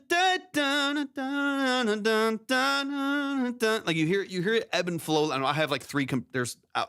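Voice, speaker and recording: A man talks through a song's mix on his production stream in a loose, rambling way, restarting his sentences as he explains. His voice sits at a medium pitch. It is recorded close and dry on a compressed studio mic. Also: a bit bright, no echo. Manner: rambling, self-correcting, sings demo syllables. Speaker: music production stream host giving mix feedback. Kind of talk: casual technical feedback. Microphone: close studio mic with vocal compression.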